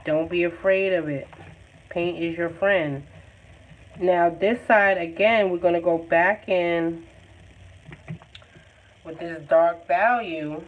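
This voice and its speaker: A woman giving a live painting lesson in a chatty, encouraging and informal way. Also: fairly low pitch. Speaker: art tutor. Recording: tinny phone-like sound, faint noise.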